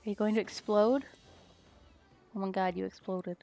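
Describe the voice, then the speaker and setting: A young woman streaming a video game, muttering to herself as she plays and bursting into excited squeals. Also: mid-range voice, normal speed, long pauses, dry recording, soft background music. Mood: excited squealing. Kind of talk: casual gaming stream chatter.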